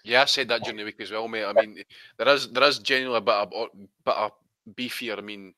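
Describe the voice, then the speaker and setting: A man chatting casually on a podcast, animated and swearing as he teases his friends. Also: on the low side, fast talker, dry recording. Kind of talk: casual boxing chat.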